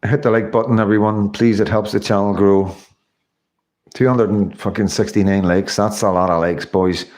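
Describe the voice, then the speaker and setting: Casting: male streamer, lowish voice, worn out, chatty, thanks everyone by name. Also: steady tone, moderate pace, darkish tone. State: tired. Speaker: livestream host. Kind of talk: casual livestream sign-off.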